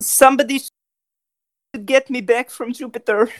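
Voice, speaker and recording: A woman improvising a bumbling, stranded president in a comedy role-play, speaking in a hesitant, fumbling, deadpan way. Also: a little high, unhurried, dry recording, close to an everyday voice. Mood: insistent. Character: bumbling stranded male space president, King Lucius.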